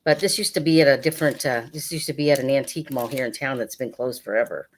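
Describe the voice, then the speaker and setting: Woman, sale host, deep voice, casual rambling patter full of fillers. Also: fast, a little hiss or hum. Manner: chatty, rambling, with many fillers.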